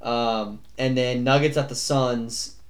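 A man's voice: medium pitch, fairly even intonation, takes it slowly. Casual, rambling male podcast co-host. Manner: rambling, swears casually, many fillers and restarts. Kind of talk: casual sports chat.

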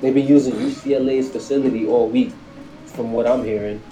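A man co-hosting a sports podcast in casual chat, animated and profane, laughing at his own points. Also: mid-range voice, fairly quick, soft background music. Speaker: podcast co-host. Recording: echoey room.

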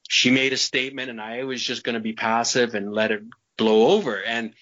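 A man's voice: mid-range voice, flat delivery, fairly quick, fairly bright tone. A man being interviewed, telling a long personal story in a casual, rambling way, repeating words and laughing between sentences. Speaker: interview guest. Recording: slightly muffled lo-fi audio.

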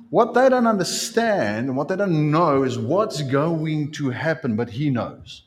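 A man preaching a sermon as pastor, in an animated, conversational way. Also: a little high, a little slow.

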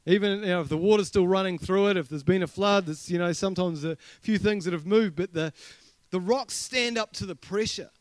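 A man's voice: high-pitched, fairly quick, dry recording. A New Zealand man, a senior pastor, preaching a sermon with chatty, humorous personal stories and questions to the congregation.

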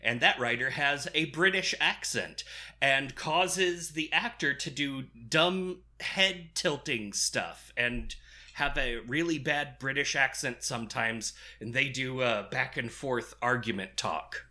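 A man's voice: medium pitch, slow, sharp tone. A man recapping a movie plot in casual, crude, sarcastic podcast chat. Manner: sarcastic, crude, laughing often.

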